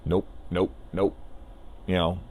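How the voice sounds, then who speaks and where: Deep-voiced guy reviewing a movie, rambly and excited, swears a lot. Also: takes it slowly. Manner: enthusiastic, rambling, with frequent swearing. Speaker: film reviewer. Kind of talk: casual spoiler discussion.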